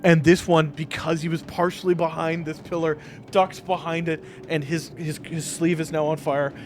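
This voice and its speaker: A man's voice: a little high, flat delivery, normal speed, noisy background. A man running a tabletop game as game master, narrating in a casual way with laughs and acted screams.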